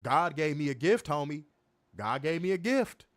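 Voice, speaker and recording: A young man co-hosting a wrestling review livestream, reading chat comments and trash-talking in a profane, animated way. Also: a little high, moderate pace, dry recording, clean studio sound. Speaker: wrestling podcast co-host.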